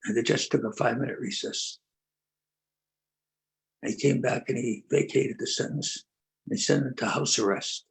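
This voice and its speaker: An older man, a rabbi, telling stories in an earnest conversational talk, pausing and restarting often. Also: mid-range voice, gravelly. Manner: earnest storytelling with many pauses and restarts. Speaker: rabbi and prison outreach leader.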